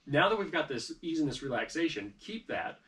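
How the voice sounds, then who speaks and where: A man teaching a trombone lesson, explaining calmly and then scat-singing phrases loudly to demonstrate, with encouraging comments. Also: a little high, brisk. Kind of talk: music lesson coaching. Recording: distant mic with trombone playing.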